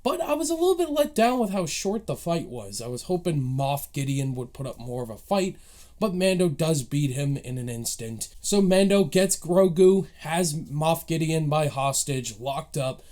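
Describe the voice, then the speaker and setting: A man's voice: fairly high pitch, lively intonation, moderate pace, a little mellow. Eager man recapping an episode. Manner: eager, emotional recapping of plot beats. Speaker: movie reviewer. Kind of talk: casual spoken episode review.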